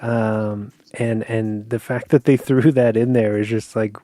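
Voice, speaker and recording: Dark-voiced man chatting about a film. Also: on the low side, flat delivery, measured pace, no room sound. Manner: rambling, searching for words with fillers and restarts. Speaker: podcast co-host. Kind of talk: casual film review chat.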